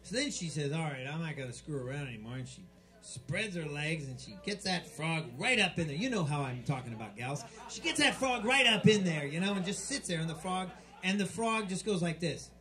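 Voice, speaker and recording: A man's voice: a little high, expressive, a little fast, pushed and bright. A man telling crude jokes on stage at a bar, rambling, restarting and bickering with the crowd. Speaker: stand-up comic at a bar show. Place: bar with live band setup.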